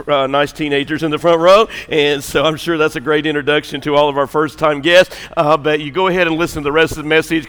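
Male pastor, slightly high voice, smooth resonant tone, joking conversational sermon, church hall reverb. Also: fairly bright tone. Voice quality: joking, conversational preaching with rising emphasis. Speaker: lead pastor. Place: church auditorium.

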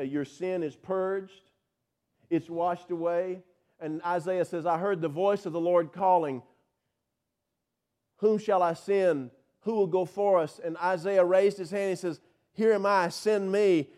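A male pastor delivering a sermon, swinging from loud, drawn-out emphasis to soft, hushed passages. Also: sits high. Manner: drawn-out, slowed words for emphasis.

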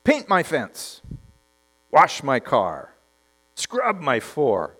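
A man voicing a calm old male martial arts teacher who speaks in short, slow commands. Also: medium pitch, exaggerated voice.

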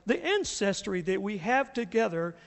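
A middle-aged pastor from the US South tells stories from the pulpit, animated and quick to chuckle. His voice sits high for a man and swings widely in pitch, with a long echo from the church hall. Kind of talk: sermon with storytelling. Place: church sanctuary.

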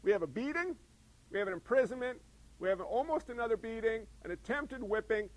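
A man preaching a sermon in an animated way, acting out voices and asking the congregation questions. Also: very high-pitched, a little fast, rough recording. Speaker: pastor.

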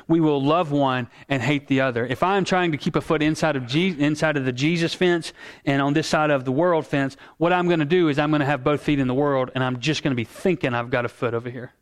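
A male pastor preaching a sermon in an earnest, emphatic way, slowing down to stress key words. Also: a little high, fairly even intonation.

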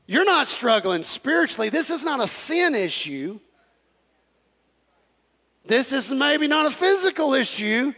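A man preaches a lively sermon in a strikingly high voice. His tone has a gravelly rasp, and he keeps acting out little conversations and repeating phrases for emphasis. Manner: animated, acts out dialogues, repeats phrases. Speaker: pastor.

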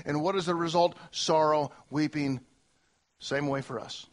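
Emphatic preacher man, fairly high voice. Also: fairly even intonation, a little slow. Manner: emphatic preaching with long spoken lists and swings in loudness. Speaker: pastor. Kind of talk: sermon. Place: church before a congregation.

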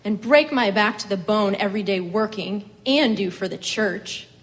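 A woman voicing a furious middle-aged farm wife who rails and shouts at heaven in a reading of a story. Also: medium pitch, normal speed, big-room sound, close to an everyday voice. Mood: indignant. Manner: fierce, indignant, shouting.

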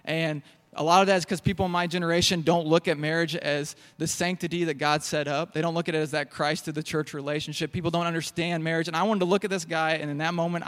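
Young guy preaching, jokey storyteller, bit high voice, big echoey hall. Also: a bit bright. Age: young adult. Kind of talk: sermon.

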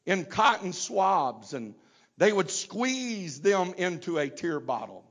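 High-voiced preacher, slow and deliberate. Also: male voice, very animated. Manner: slow, deliberate preaching that builds to loud emphasis. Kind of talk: sermon.

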